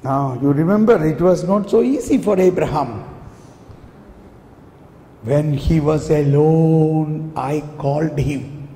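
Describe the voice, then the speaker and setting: A male preacher, giving an animated sermon in a storytelling way and asking the audience questions. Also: on the high side, slow, long pauses. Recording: echoey hall with long reverb, faint ambience.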